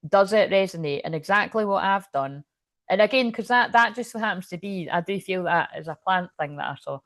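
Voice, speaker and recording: A woman's voice: medium pitch, expressive, brisk, a bit bright, no echo, studio quality. A woman, talking casually about spirituality in a rambling, frank way, swearing freely and full of fillers and restarts. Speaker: spiritual channel and tarot reader. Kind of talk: casual spiritual livestream talk.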